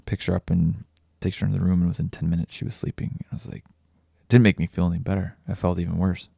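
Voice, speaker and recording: Low gravelly man confiding. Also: level tone, dark tone, no room sound, studio quality. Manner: raw, halting, confessional, with frequent swearing and restarts. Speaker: vlogger and podcaster. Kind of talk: candid personal vlog.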